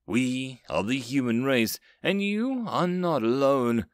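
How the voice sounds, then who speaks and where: A man's voice: mid-range voice, animated, no echo, studio quality. A man voicing a robotic-sounding recorded greeting message that speaks formally and evenly in an audiobook reading. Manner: formal, measured.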